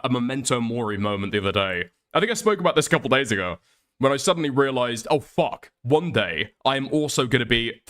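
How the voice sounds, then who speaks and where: A man's voice: medium pitch, pushed and bright. A man hosting a commentary stream, rambling and swearing with laughing asides. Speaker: streamer host.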